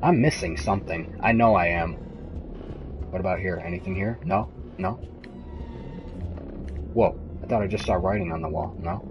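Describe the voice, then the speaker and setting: A young man commenting live on a horror game, jumpy and profane, moving between hushed muttering and high-pitched yelps. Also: normal speed, pauses often, over music, rough recording. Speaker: gaming host playing a horror game.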